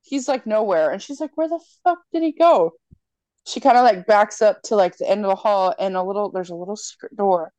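A woman's voice: medium pitch, fast, few pauses, dry recording. A young woman in casual chat, animatedly retelling a movie plot with lots of swearing and acted-out lines. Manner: animated storyteller, swears freely, acts out lines.

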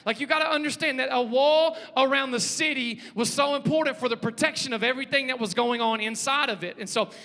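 A man, preaching a lively sermon, joking and calling out to the congregation. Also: very high-pitched, fairly quick, few pauses. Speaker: pastor. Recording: long hall reverb.

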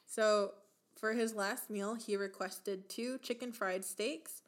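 A woman's voice: medium pitch, fairly even intonation, slow pace. A woman co-hosting a casual podcast, reading out items from a list and laughing often. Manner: reads lists and quotes, laughs often. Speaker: podcast co-host.

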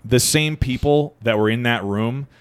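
Guy on a movie podcast, animated, acts out the lines, swears a lot, mid-pitch voice. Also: unhurried, smooth, no echo. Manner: animated, acts out quotes, swears, frequent fillers. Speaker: podcast co-host. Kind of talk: casual movie discussion.

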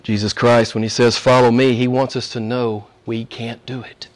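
A man preaching a sermon as pastor, swinging from loud declarations to hushed near-whispers and repeating phrases for emphasis. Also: mid-range voice, level tone, normal speed.

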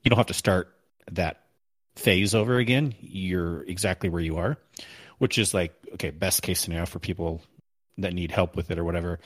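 A man's voice: sits low, moderate pace, no echo. A man co-hosting a casual gaming podcast, rambling and correcting himself as he recalls story missions. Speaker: podcast co-host.

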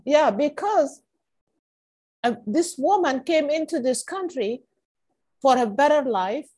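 A woman's voice: sits high, slow. A woman hosting a casual chat, telling a story with feeling and acting out the voices of the people in it. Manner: animated, acts out quoted voices, emotional. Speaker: podcast host.

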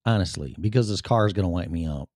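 A man's voice: low-pitched, fast, a little mellow, no echo, studio quality. Sex: man. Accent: Chicago. Role: show host. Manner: rambling, profane. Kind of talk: casual livestream monologue.

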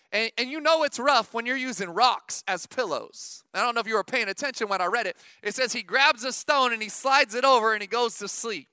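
High, bright-voiced man preaching a sermon. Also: no echo, studio quality. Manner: conversational preaching, rising to emphatic calls to the congregation. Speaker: pastor. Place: church.

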